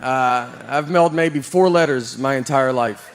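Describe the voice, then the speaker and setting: A man performing a stand-up comedy set, telling stories in a deadpan, self-deprecating way. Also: mid-range voice, a little slow, clean tone, long reverb tail. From Southern United States.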